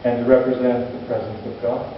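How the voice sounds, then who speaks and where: A pastor and hospital chaplain preaching a sermon, telling stories slowly and earnestly with dramatic pauses. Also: male voice, mid-range voice, flat delivery, slight background noise. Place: church sanctuary. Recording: distant, echoey church hall, muffled.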